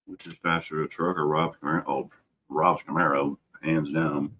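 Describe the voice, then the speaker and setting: A man's voice: rumbling low, flat delivery, normal speed, sharp tone. A middle-aged man hosting a casual live stream, easygoing, answering viewers' messages by name. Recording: dull lo-fi stream audio.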